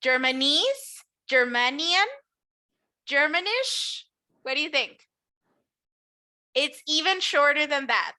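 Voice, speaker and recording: A woman's voice: high voice, lively intonation, takes it slowly, long pauses, sharp tone. A woman whose first language is Spanish, teaching English pronunciation in a patient, encouraging classroom drill with careful enunciation.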